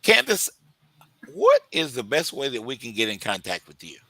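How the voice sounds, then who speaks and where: A man's voice: medium pitch, huge pitch swings, normal speed, vocal fry, bright, forceful tone, dry recording, low-quality recording. A man with a Texas accent hosting a radio talk show, rambling enthusiastically and calling listeners "guys". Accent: Texan.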